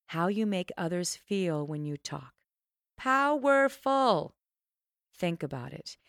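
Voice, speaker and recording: A middle-aged woman talks through a self-help podcast in an emphatic coaching manner. Her voice sits fairly low, but she swoops up high to punch a point. The recording is dry and close, with no room sound. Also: no room sound. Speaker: podcast host and trainer.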